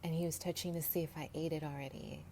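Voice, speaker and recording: A woman's voice: low-pitched, fairly even intonation, fast, warm tone. A woman telling a rambling personal story to her viewers, laughing often and dropping into whispers. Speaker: vlogger. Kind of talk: casual storytelling to camera. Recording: faint background noise.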